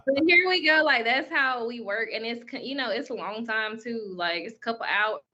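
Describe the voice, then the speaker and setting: A young woman, a pro wrestler appearing as a guest, answers interview questions chattily, full of "like" and "um," and laughs easily. Her voice is on the high side, pushed and bright, at a moderate pace, captured with lo-fi sound.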